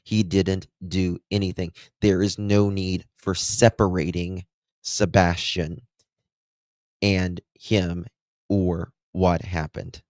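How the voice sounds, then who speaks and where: Appalachian male commentator, deep-voiced, sarcastic, dry sound. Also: flat delivery, slow, darkish tone, dry recording. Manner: blunt and sarcastic, mocking. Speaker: true crime commentator. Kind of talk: commentary reacting to interview clips.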